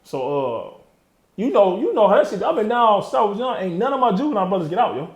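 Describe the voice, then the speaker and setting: Man in his thirties, streetwise guest storyteller: rapid-fire slang, slightly raised pitch, roomy echo. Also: very animated. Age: 30s. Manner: streetwise, emotional, heavy slang, trailing off. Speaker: interview guest. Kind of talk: candid storytelling interview.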